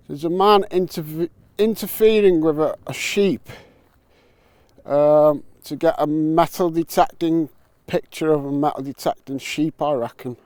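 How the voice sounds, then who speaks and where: Joking detectorist outdoors. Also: male voice, on the high side, steady tone, unhurried, darkish tone, no echo. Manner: jokey, banters, swears. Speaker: metal detecting vlogger. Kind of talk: casual vlog commentary. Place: outdoors on a windy island. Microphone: camera mic with wind muff.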